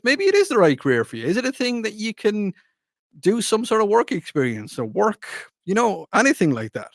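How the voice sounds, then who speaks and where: A man's voice: fairly high pitch, big pitch swings, normal speed, no echo. Rambling male radio host, dry sound. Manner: rambling storytelling with many restarts. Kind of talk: casual radio chat.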